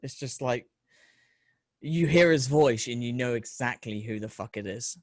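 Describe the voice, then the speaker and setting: A man, middle-aged, hosting a casual chat and telling rambling, sweary stories with animated quoted voices. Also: medium pitch, moderate pace, no room sound. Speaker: podcast host.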